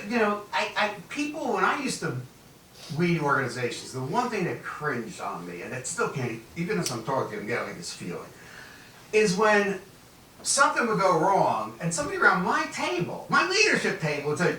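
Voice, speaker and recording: A man from Newark, New Jersey, speaking as a keynote guest and acting out stories with a lively, swooping delivery. His voice is bright and sits fairly high. It rings out in a roomy hall, caught by a mic set some distance off. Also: moderate pace, slight background noise. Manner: animated storyteller acting out dialogue. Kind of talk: motivational leadership keynote.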